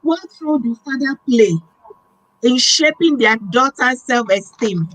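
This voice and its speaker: A woman hosting a talk show, telling a personal story in a lively, emotional way. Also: high-pitched, a little slow, no echo, low-quality recording. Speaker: host. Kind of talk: casual interview chat.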